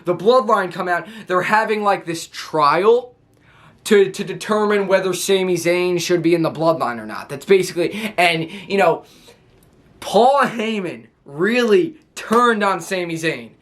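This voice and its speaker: High-voiced young man rambling excitedly. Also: unhurried. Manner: rambling, laughs often, many restarts. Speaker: wrestling show reviewer. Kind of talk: excited casual recap to camera.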